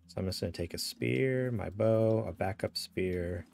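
A man's voice: on the low side, normal speed, creaky, a little mellow, faint music behind. A young man from upstate New York, chatting casually as he streams a game and reads signs aloud. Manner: chatty, narrates what he reads and does. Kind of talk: casual gameplay chat.

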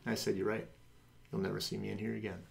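A man's voice: quick pace, creaky. A middle-aged man hosting a podcast, telling a personal faith testimony and acting out the voices of people in it. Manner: animated, acts out quoted voices with big pitch jumps. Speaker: podcast host.

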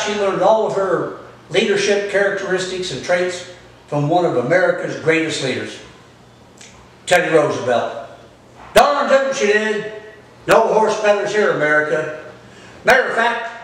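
Lively folksy man in an echoey room. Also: sits high, normal speed, long pauses. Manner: folksy, jokey, addresses viewers directly. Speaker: vlog host talking to his dog. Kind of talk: folksy comedic monologue. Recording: distant echoey room recording with faint noise.

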